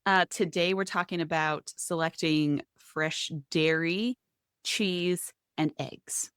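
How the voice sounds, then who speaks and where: Woman, low voice, podcast co-host, chatty, self-deprecating, dry close sound. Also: takes it slowly, fairly bright tone, smooth, dry recording. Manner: chatty, self-deprecating, explains things step by step. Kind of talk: casual podcast chat.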